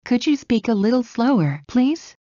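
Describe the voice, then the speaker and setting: A woman reads short English practice phrases aloud for learners, one at a time with even pauses. Her voice is mellow and soft-edged. The recording is dry and slightly dull, with a lo-fi quality. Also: mid-range voice, no room sound. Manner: slow, evenly spaced phrase-by-phrase reading. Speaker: English teacher.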